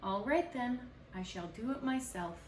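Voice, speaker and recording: Busy storybook hen, woman doing the voice, sing-song, high lilting, roomy echo. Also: expressive, measured pace, noisy background. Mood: cheerful. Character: busy, put-upon hen who bakes alone. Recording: roomy echo, distant mic.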